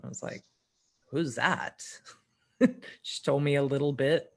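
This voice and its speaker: Middle-aged woman telling a lively personal story. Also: a little slow. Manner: lively, acts out quoted dialogue with shifts in pitch and loudness; laughs often while telling her story. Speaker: podcast guest. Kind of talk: personal storytelling in a podcast conversation.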